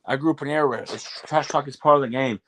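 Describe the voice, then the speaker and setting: A man's voice: mid-range voice, rapid-fire. Fired-up man ranting about basketball. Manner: animated, fired-up, acts out players and referees. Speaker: basketball commentator. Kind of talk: casual sports rant.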